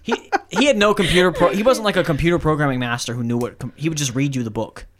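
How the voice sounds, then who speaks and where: A young man co-hosting a casual chat, telling stories in a fast, profane rant. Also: fairly high pitch, fairly bright tone. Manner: fast, ranting, profane storytelling.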